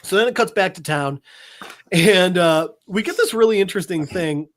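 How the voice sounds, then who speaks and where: A man in his thirties chats casually on a podcast as he retells a comic book. He slips into quick voices for each character and laughs often, keeping it loose and conversational. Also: sits high, a bit bright. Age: 30s. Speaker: podcast co-host.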